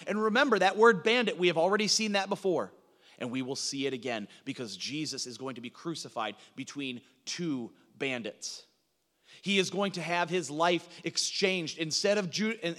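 A man preaching a sermon as a pastor, swinging from emphatic lines to low, hushed ones. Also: big-room sound.

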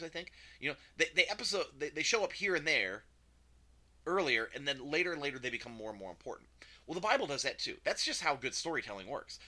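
A man's voice: medium pitch, pushed and bright. A man teaching a casual recorded Bible lesson, chatty and conversational, with frequent fillers and self-corrections.

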